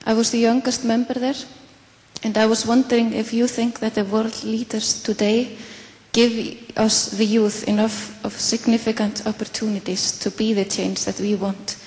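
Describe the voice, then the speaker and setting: A young woman from Iceland asks a question from the floor in a fairly high voice, polite and a little hesitant. Her voice rings with the long reverb of a big auditorium. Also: little pitch movement, normal speed, darkish tone. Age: young adult. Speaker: audience member asking a question. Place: large auditorium. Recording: hall reverb.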